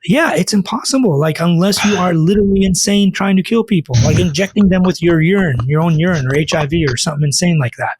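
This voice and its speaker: A middle-aged man, a cardiologist, talking casually on a podcast in an animated way, often slipping into quoted voices. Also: high-pitched, fast talker, hardly any pauses, breathy edge, no echo.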